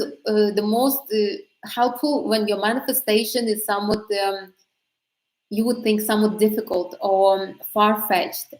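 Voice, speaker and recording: A woman's voice: medium pitch, a little mellow, echoey room, low-quality recording. A woman coaching casually on manifesting, chatty with many fillers and restarts. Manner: chatty, frequent fillers and self-corrections, laughs often. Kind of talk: casual advice talk.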